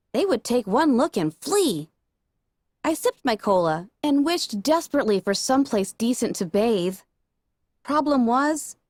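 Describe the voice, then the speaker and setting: Expressive female audiobook narrator with a bright, higher pitch and animated delivery; dry, close recording. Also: no room sound. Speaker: audiobook reader. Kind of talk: first-person story narration.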